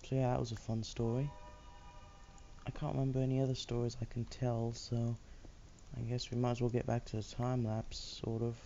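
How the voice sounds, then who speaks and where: A man's voice: mid-range voice, vocal fry, dark tone, highs cut off, a little hiss or hum. A man hosting a let's play, chatting casually and muttering to himself while he builds. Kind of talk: casual gameplay commentary.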